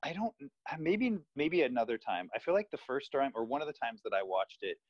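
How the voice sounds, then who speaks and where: A podcast co-host in casual chat, an animated, self-mocking sports fan. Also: mid-range voice, a little fast, dry recording, dull audio.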